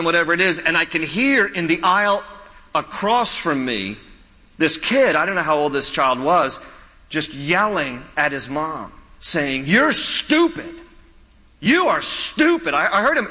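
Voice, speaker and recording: A man preaching a sermon from a church, his fairly high, bright voice ringing with long reverb. He tells stories with lively animation and repeats his points for emphasis, sounding like a pastor at the pulpit. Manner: animated storytelling with laughs and quoted voices.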